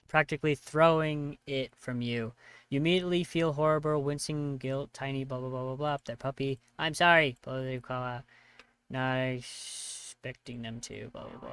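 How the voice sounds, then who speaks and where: Smooth-voiced sarcastic gamer reading game text. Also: medium pitch, pushed and bright. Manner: sarcastic, skims text with "blah, blah"; reads choices then reacts with mock outrage. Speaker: video game player. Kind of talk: let's play commentary, reading game text aloud.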